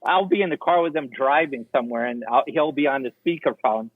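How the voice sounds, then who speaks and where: An older man, a film director guest, telling lively anecdotes in an interview and acting out the people he quotes. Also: medium pitch, brisk, dry recording. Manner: animated, acts out the people he quotes. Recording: dry, tinny phone-like line.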